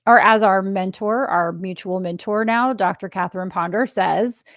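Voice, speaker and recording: A middle-aged woman hosting a podcast, chatting casually and telling stories with lively acted-out quotes and frequent laughter. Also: medium pitch, moderate pace, no echo, studio quality. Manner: animated storyteller acting out quoted dialogue; laughs often mid-story. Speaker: podcast host. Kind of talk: casual interview conversation.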